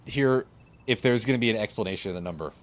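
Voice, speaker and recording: A man's voice: fairly low pitch, very fast. A man giving casual game commentary with joking, laughing asides. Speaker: let's play host.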